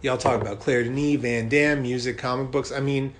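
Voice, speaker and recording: A man co-hosting a podcast in casual chat, talkative and quick to laugh, reading out listener mail. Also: mid-range voice, fairly even intonation, slight background noise. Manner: chatty, laughs easily, reads listener mail aloud. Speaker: podcast co-host.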